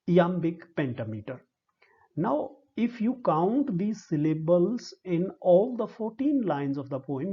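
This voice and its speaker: A man with an Indian English accent giving a slow, deliberate lecture, spelling out syllables one by one. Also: sits high, dark tone, slightly rough. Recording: dull lo-fi recording.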